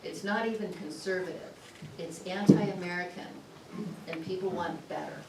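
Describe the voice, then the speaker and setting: A woman candidate speaks confidently in a lowish voice, picked up from a distance in an echoing hall. Clear room noise runs behind her. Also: steady tone. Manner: confident, brisk and data-minded. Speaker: political candidate. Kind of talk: campaign closing statement. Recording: echoey hall, distant mic, noisy.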